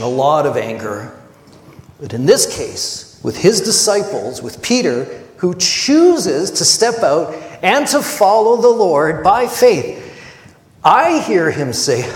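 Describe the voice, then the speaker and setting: A fairly high-voiced man preaching an earnest, conversational sermon. He slips into lively retellings of the scene. His voice rings through an echoey hall with a long reverb tail. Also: takes it slowly. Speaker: pastor.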